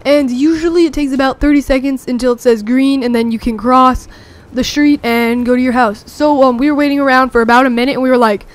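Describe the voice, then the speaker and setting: A young teenager rambling excitedly through a story with many fillers, talking over gameplay. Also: sits high, a little fast. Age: young teen. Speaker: gameplay commentator.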